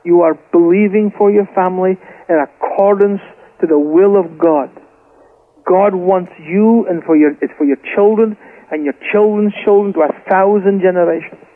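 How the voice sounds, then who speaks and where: High-voiced Scottish man over a tinny phone line. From Scotland. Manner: fervent, repeats words while telling the story. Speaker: guest preacher. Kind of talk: impassioned testimony storytelling.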